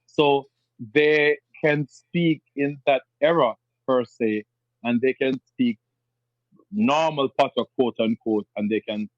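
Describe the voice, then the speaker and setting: Speaking slowly over a dry, dull recording, an interview guest with a Jamaican accent gets animated in conversation. He drifts into other dialects, mimicking them with lively jumps in pitch.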